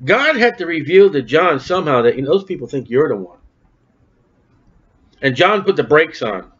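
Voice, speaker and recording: A man preaches with a folksy, emphatic style and throws questions out to his congregation as he goes. His voice sits fairly high, and the recording sounds dull and lo-fi. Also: very animated, normal speed, fairly bright tone, slightly rough. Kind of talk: sermon.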